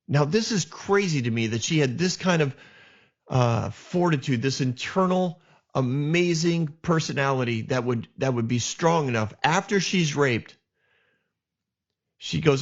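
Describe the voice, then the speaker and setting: A man's voice: fairly high pitch, lively intonation, measured pace, dull audio. A man hosting a podcast, retelling a Bible story with passionate, indignant commentary and frequent restarts. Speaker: podcast host.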